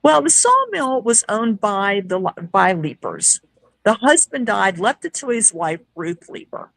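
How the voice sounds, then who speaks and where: A woman's voice: mid-range voice, a little slow, gravelly, no room sound, low-quality recording. A woman guest who is a paranormal investigator, telling a story casually and acting out quoted dialogue. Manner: lively, acts out quoted dialogue.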